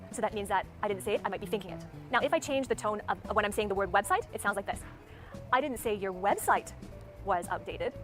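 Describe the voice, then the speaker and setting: A woman giving a speaking lesson, methodically demonstrating tone and stress aloud. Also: mid-range voice. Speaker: speaking coach. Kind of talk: instructional talk. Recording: clear background music under voice.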